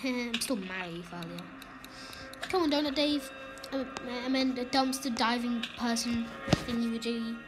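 A high-voiced woman chatters through a game, excitable and quick, tossing out jokes and complaints. Loud game music runs under her voice the whole time. It is casual commentary for a gaming video. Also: rough recording. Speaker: gamer, video host.

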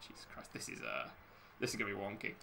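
A man's voice: fairly low pitch, sing-song, quick pace, vocal fry, pushed and bright, whispered. A man playing a racing game, rambling, laughing often and swearing a lot. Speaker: gamer commentating his play. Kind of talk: casual gaming chat.

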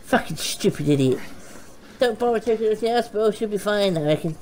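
A woman host giving foul-mouthed, excitable let's play commentary, shouting insults at the game. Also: mid-range voice, fast talker, a little hiss or hum, rough recording. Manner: excitable, frequent panicked outbursts. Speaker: gaming channel host.

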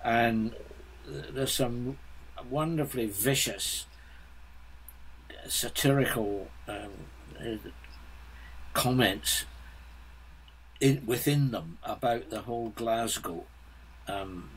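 An older man in his seventies speaks as a guest in a relaxed interview. He talks slowly and bluntly, stopping and restarting his sentences. His voice sits at an ordinary pitch. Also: a little hiss or hum, rough recording. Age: 70s. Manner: halting, blunt, frequent restarts. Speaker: guest composer. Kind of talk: casual interview chat.

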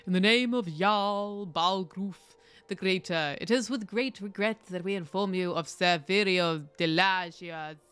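A woman's voice: medium pitch, a little slow, a bit bright, clear, resonant tone, soft background music, natural voice. A woman doing a stately court herald in a put-on accent. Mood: solemn. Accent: vague put-on foreign accent.

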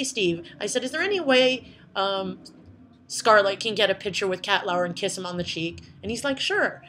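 A woman chatting casually to her vlog audience, swearing a lot as she tells animated stories. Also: mid-range voice, slight background noise. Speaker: vlogger. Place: indoors at night.

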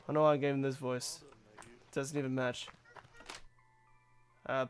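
A man's voice: mid-range voice, level tone, measured pace, long pauses, faint music behind. Let's play host, man, rambling and profane, easy laughter. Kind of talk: casual gameplay commentary.

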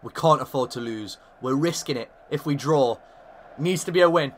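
A man commentating his own football video game, getting excitable and shouting at the big moments. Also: mid-range voice, moderate pace. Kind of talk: gaming commentary.

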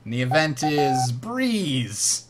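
A young man hosting a board game tutorial, explaining rules as he plays, enthusiastic and quick to laugh. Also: medium pitch, very animated, slight background noise.

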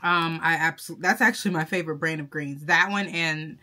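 A low-pitched, sharp-toned woman speaks at a moderate pace in a casual vlog. The content creator is effusive and emotional, chatting directly to her viewers with plenty of fillers and restarts.

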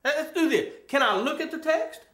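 A man co-hosting a casual talk show, animated and halting, often restarting his sentences. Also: very high voice. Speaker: co-host. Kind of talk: casual chat. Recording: echoey room.

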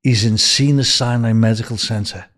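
An older man with a Liverpool accent, telling rambling, animated anecdotes as a podcast guest. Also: lowish voice, moderate pace. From Liverpool, England. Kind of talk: casual storytelling.

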